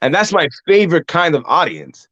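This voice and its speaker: A man talks through wrestling stories in a casual podcast chat, fairly high in pitch and animated, often slipping into the voices of fans and rivals. The sound is dry and a little dull, as if from a modest lo-fi mic. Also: moderate pace, no echo. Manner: animated storytelling, acts out crowd and ring voices. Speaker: podcast host and pro wrestler. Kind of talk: casual conversation.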